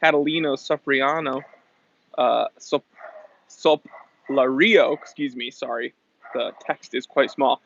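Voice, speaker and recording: A man's voice: medium pitch, fairly even intonation, slow, long pauses, fairly bright tone, highs cut off, slight background noise. A man hosting a casual livestream outdoors, chatting and greeting viewers as he reads their comments aloud. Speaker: livestream host. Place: outdoors in the shade.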